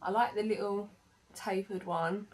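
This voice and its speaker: A woman's voice: medium pitch, fairly even intonation, measured pace, a little mellow. A woman chatting casually through a makeup demo, with lots of fillers and self-corrections. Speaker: beauty vlogger. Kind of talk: makeup tutorial chat.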